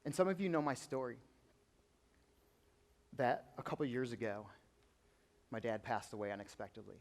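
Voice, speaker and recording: A young man, a youth pastor, telling a personal story in a sermon, earnest, sometimes hushed and sometimes emphatic. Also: high voice. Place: church auditorium. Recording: long hall reverb.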